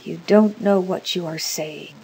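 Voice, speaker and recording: A woman voicing a frightened old man who speaks in a shaky, faltering, hushed way. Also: lowish voice, fairly even intonation, a little slow, a little hiss or hum, poor audio. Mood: shaken. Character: frightened trembling old man, timid husband.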